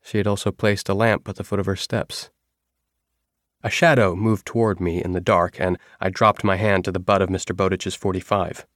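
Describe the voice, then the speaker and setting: Deep-voiced male audiobook narrator. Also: little pitch movement, moderate pace, fairly bright tone, dry recording, clean studio sound. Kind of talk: first-person novel narration.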